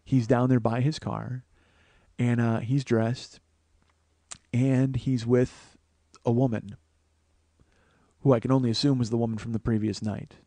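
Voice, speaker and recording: A man's voice: medium pitch, measured pace, pauses often, no room sound. Profane man telling a personal story. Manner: profane, conversational, animated quotes. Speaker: podcast host, comedian.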